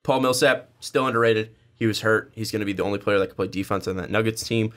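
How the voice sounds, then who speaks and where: A young man with a fairly low voice co-hosts a casual sports podcast. He rambles through his points with lots of "uh" and "um" and restarts his sentences. He talks in an easygoing way. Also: fast talker, fairly bright tone. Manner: rambling, many fillers and restarts. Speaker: podcast co-host.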